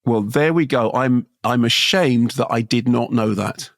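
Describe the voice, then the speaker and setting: A man's voice: mid-range voice, a little slow, gravelly, no room sound, clean studio sound. A man co-hosting as a film critic, chatting casually with enthusiastic, self-deprecating restarts. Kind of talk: casual chat.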